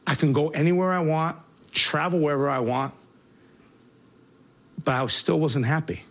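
A man giving a spoken personal testimony, halting and earnest, with many restarts and fillers. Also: on the high side, fairly bright tone. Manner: voice rises sharply when reliving angry moments.

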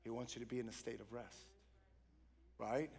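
A man preaching a sermon to his congregation, chatty and joking at times, then building to loud, fervent calls for the crowd to answer him. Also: medium pitch, little pitch movement, normal speed, gravelly, slightly rough. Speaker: pastor. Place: church sanctuary. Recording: long reverb of a large room.

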